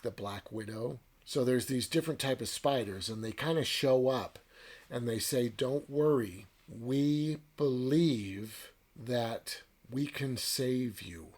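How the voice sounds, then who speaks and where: Husky man casually recapping a story. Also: mid-range voice, darkish tone. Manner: loose, chatty retelling with fillers like "right?" and "kinda". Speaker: book reviewer.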